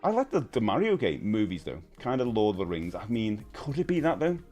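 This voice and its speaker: A man's voice: on the low side, huge pitch swings, a little fast, darkish tone, muffled recording, faint music behind. Chatty man in his fifties. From United Kingdom. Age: 50s. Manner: chatty, rambling, reads out viewer messages. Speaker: livestream host. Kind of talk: casual live-stream chat.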